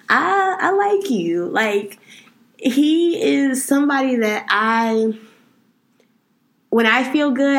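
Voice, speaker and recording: A young woman hosting a solo podcast, talking candidly and casually, laughing often and addressing listeners as y'all. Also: medium pitch. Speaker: podcast host.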